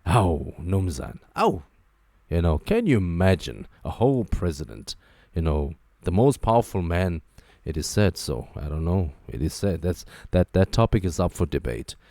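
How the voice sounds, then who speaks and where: Deep-voiced, animated man hosting a talk show. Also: normal speed, no room sound. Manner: animated, joking, repeats phrases. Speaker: host. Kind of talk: casual commentary monologue.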